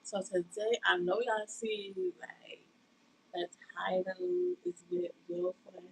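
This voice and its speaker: Sitting on her bed, a woman livestreams casually from her bedroom, greeting viewers and rambling about friendship in a drawl, saying "y'all" a lot. Her medium-pitched voice swings widely in pitch, moves slowly and has vocal fry, with slight background noise on poor audio.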